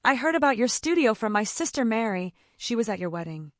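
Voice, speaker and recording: A woman voicing a shy, kind man in his thirties who works as a carpenter, gentle and a bit bashful. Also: fairly high pitch, very animated, fairly quick, no room sound, clean studio sound.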